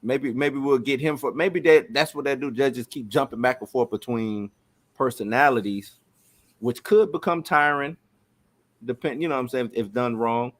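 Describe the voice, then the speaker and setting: A man co-hosting a casual show review, talking in a relaxed, conversational way. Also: mid-range voice, moderate pace. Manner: relaxed, conversational, "you know what I'm saying". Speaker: podcast co-host. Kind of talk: casual chat.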